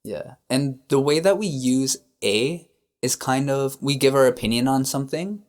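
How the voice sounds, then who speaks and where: A Canadian man with an easygoing manner, co-hosting a casual podcast lesson. He models each word slowly and patiently, the way a friendly teacher would, and his pitch sits right in the middle for a man. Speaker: podcast co-host, English teacher.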